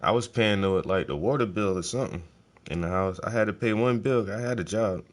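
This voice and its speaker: A man's voice: fairly low pitch, fairly quick. A man chatting casually while painting, telling laid-back, profane stories. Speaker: painting vlogger. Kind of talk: casual rambling chat.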